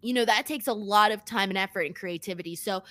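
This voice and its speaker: A woman's voice: mid-range voice, fast talker, fairly bright tone, no echo. A woman co-hosting a podcast in a casual chat, talking loosely with lots of fillers. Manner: chatty, heavy on fillers like "like" and "you know". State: running on little sleep. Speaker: podcast co-host.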